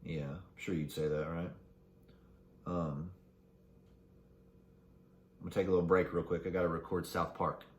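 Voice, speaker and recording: A man with a fairly low voice runs a casual solo podcast, reading out facts and throwing in crude jokes. His voice bounces around an echoey room. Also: fairly even intonation, normal speed, long pauses, a little hiss or hum. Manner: crude joking while reading facts aloud. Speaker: podcast host.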